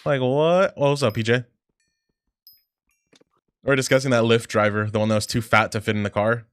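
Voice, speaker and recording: A man's voice: mid-range voice, fairly even intonation, normal speed, clean tone, no echo. A man livestreaming while gaming, chatting casually, reading chat aloud and reacting in a rambling, profane way.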